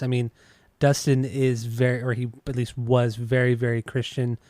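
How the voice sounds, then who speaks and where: A man co-hosts a casual music podcast, laid-back and teasing, often stumbling and restarting. His voice sits in a middle pitch. The recording is close and dry. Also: level tone, normal speed, dark tone, no echo. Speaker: podcast co-host. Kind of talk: casual chat about music.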